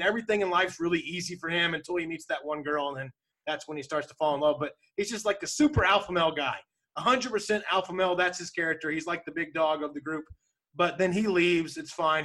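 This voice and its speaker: A man co-hosting a casual talk show, retelling a sitcom in a rambling, animated way with bursts of laughter. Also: on the high side, quick pace. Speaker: podcast co-host. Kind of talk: casual chat.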